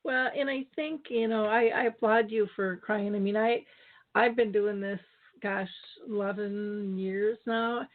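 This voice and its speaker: A woman's voice: mid-range voice, fairly even intonation, measured pace. A woman hosts a radio interview and speaks in a reflective, affirming way. Her voice sounds tinny and narrow, like it is coming over a phone line. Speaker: radio show host. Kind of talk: casual interview chat.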